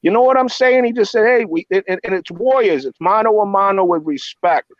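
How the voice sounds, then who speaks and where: A man joining a boxing stream as a guest, talking energetically and fast and cutting in on the host. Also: sits high, no room sound, muffled recording. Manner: energetic, fast, talks over others. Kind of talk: excited boxing talk on a stream.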